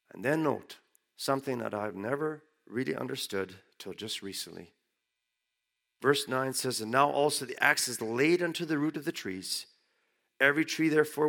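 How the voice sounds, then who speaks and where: A man giving a sermon who reads Bible verses aloud and then explains them in plain, everyday words, rising sharply in pitch to stress key points. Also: gravelly, a bit bright. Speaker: preacher. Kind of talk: sermon reading and explaining scripture.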